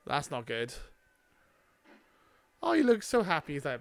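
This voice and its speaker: Man reacting loudly to a TV finale. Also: a little high, measured pace, vocal fry. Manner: talks back at the screen, swings from mutters to excited shouts. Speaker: reaction video host. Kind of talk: live reaction commentary.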